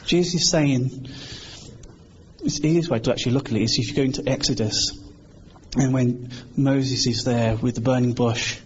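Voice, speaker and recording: A man's voice: medium pitch, fairly even intonation, normal speed. A British man preaches in an earnest, conversational way, acting out the voices he quotes. His recording sounds a little dull, with a faint hiss behind him. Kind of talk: informal sermon.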